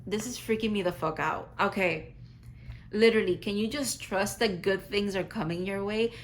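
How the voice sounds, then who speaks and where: A woman's voice: medium pitch, normal speed, slight background noise, low-quality recording. A woman giving a casual, rambling tarot reading to her viewers, full of "like" fillers and effusive reassurance. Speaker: tarot reader.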